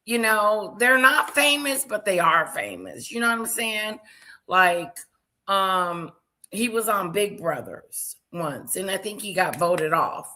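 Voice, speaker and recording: A woman's voice: mid-range voice, expressive, slow, bright, forceful tone. A woman casually commenting on a video she is watching, with gossipy, teasing asides.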